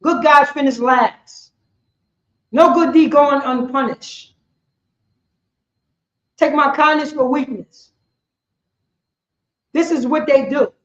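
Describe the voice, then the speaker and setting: A man's voice: very high voice, slow pace, long pauses, a bit bright. A man giving rambling scripture teaching, constantly asking "you know what I'm saying". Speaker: religious teacher. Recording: echoey room, dull lo-fi sound.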